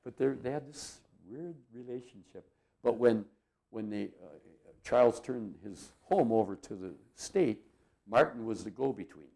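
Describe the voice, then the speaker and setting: A man's voice: medium pitch, measured pace, creaky, a little mellow. A man in his eighties from Minnesota, reminiscing in a rambling, chuckling way full of fillers. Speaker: interviewee. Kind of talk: reminiscing storytelling.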